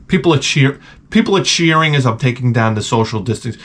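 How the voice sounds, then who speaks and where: A man telling a rambling, profane comic story with deadpan asides, as a vlogger. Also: fairly low pitch, fast, vocal fry, a little hiss or hum.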